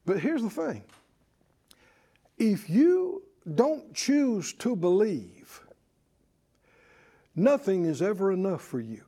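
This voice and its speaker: A man preaching a sermon in a folksy, scolding way, slow and emphatic. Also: high voice, sing-song, dark tone.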